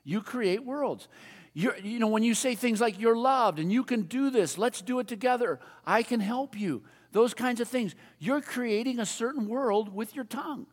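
Speaking at a moderate pace with few pauses, an older man preaches in a high voice, chatting with the congregation, repeating a refrain and asking them questions. A big hall gives his words a long reverb.

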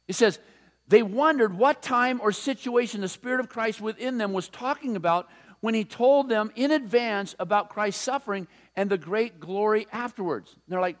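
A male pastor giving a sermon in a conversational, animated storytelling way, with playful asides. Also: sits high.

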